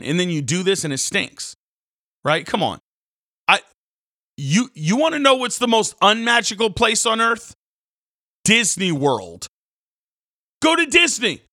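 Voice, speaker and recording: Bright-voiced pastor, animated. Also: male voice, sits high, measured pace, long pauses, no room sound, clean studio sound. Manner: animated, jumps into loud mocking voices of other people. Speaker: pastor and devotional host. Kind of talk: energetic devotional sermon.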